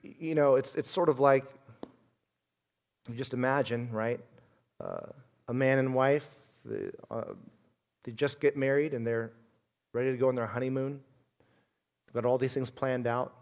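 A man preaching a sermon as a pastor, earnest, dropping to a hush and then rising to loud emphasis. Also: medium pitch, expressive, moderate pace, long pauses.

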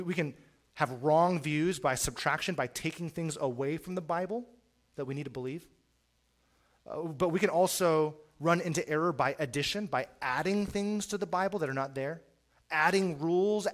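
Man, middle-aged, preacher, sermon, earnest, slightly high voice, repeats words, loud and soft swings. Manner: earnest, preaching with sudden loud rises and quiet drops; repeats words at the start of phrases.

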